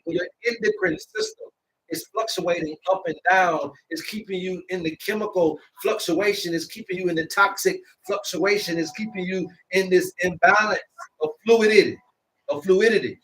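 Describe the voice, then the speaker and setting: A man with a high voice lectures his live-stream audience, preachy and repetitive, slowing right down to hammer his points home. He sits a little back from the mic, and faint noise hums underneath. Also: fairly bright tone, recorded from a distance, low-quality recording. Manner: preachy and repetitive, drawing out words slowly for emphasis. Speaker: herbalist host of a live stream.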